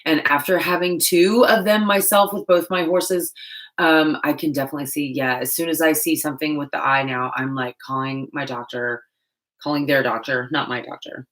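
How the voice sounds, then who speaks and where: A woman hosting a casual livestream while painting, chatting loosely and joking at herself in quick asides. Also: deep voice, steady tone, a bit bright. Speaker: livestream host. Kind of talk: casual live-stream chat while painting.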